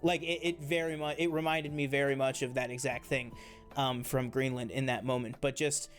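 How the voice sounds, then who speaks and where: A man's voice: medium pitch, flat delivery, normal speed, faint music behind. A man co-hosting a casual TV review chat, enthusiastic and rambling, with many fillers and restarts. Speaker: co-host of a TV review show.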